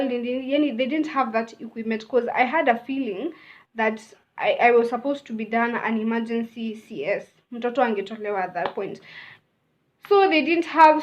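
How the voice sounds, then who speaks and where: Chatty young Kenyan woman, lo-fi sound. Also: fairly high pitch. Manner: chatty, mixes in Swahili phrases. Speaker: vlogger. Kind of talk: casual storytime.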